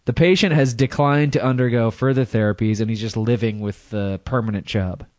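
A man's voice: mid-range voice, fairly even intonation, fairly quick, a little mellow, dry recording. A man co-hosting a comedy podcast, reading out news stories in casual chat and laughing often between crude jokes. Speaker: podcast co-host.

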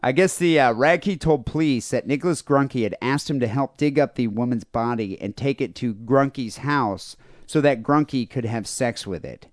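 A man's voice: medium pitch, normal speed, hardly any pauses, no room sound, studio quality. A man co-hosting a comedy podcast, retelling a news story in crude, joking casual chat with plenty of fillers. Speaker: podcast co-host.

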